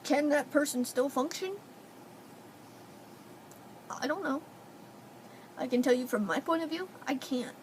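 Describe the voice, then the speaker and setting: A young woman talks into her camera at home, her high voice thick with tears and sniffles. She pleads with her viewers between breaths. A faint hum of the room sits underneath. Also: measured pace, pauses often, rough recording. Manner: tearful, pleading. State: crying, sniffling. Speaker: vlogger. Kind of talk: emotional personal vlog. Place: indoors at home.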